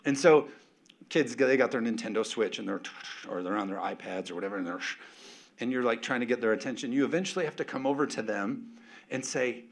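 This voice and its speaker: A man preaching a sermon as pastor, emphatic and animated, calling out to the congregation with casual, joking asides. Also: mid-range voice, fairly quick, gravelly.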